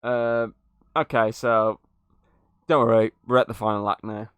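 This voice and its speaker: A man's voice: on the low side, flat delivery, unhurried, fairly bright tone, clean tone, no echo. A man hosting a podcast, reviewing a movie in casual chat, swearing freely and laughing at scenes. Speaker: podcast host.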